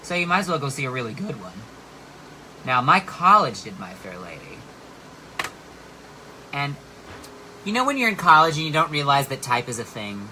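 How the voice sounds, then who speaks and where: Man, drag performer, backstage banter, playful, animated, bright tone. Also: fairly high pitch, normal speed, long pauses, slight background noise, poor audio. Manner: animated and playful, bursts into song. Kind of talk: casual backstage chat. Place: backstage at a bar.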